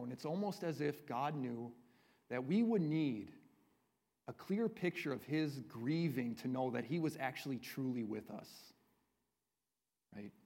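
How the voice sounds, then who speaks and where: A man's voice: mid-range voice, animated, unhurried, long pauses, a little mellow. A man preaching a sermon as a pastor, earnest and conversational, often checking in with the congregation. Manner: earnest, conversational preaching with frequent tag questions. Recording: long reverb of a large hall.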